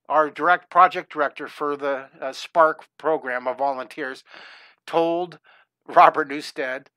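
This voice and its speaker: A middle-aged man live-streams a drawing lesson, gushing enthusiastically and rambling as he sketches, often restarting his sentences. His voice is fairly high, bright and smooth with a tense edge, recorded dry and close with no room echo.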